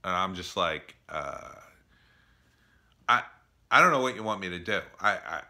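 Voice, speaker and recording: Bright, forceful man telling a story. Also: low voice, a little slow. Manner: animated storytelling, quotes others in exasperated bursts. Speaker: former teacher telling an opinion story. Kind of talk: casual opinion monologue.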